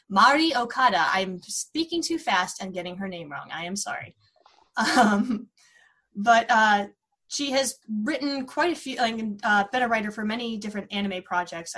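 A woman hosting a podcast chats casually, rambling and using many fillers. Her voice is mid-range and a little bright.

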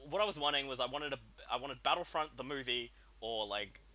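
A man co-hosting a podcast film review in casual chat, joking around and halting with restarts. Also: mid-range voice, lively intonation, pushed and bright.

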